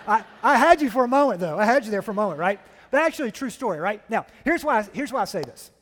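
A pastor preaching a sermon, telling stories with animated energy and checking in with "right?". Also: male voice, high voice, big-room sound. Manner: animated storytelling, keeps asking "right?".

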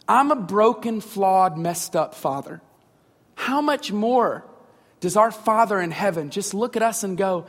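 Guy preaching, high voice for a man, earnest and chatty, lots of questions, big church echo. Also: animated, unhurried. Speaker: pastor. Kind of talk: sermon. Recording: long hall reverb.

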